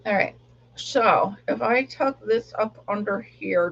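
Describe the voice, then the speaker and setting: Chatty woman with a husky voice. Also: mid-range voice, a little slow, lo-fi sound. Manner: chatty, laughs often, sings along softly. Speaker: livestream crafter. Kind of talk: casual live-stream chat while knitting.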